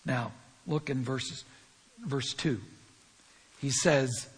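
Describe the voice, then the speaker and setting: A man's voice: mid-range voice, very slow, big-room sound. A man with a scratchy voice giving earnest, emphatic verse-by-verse Bible teaching and speaking straight to his listeners.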